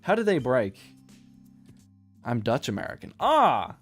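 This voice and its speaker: A man chatting casually on a live stream while he draws manga, rambling and quick to laugh at his own jokes. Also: mid-range voice, animated. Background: faint music playlist.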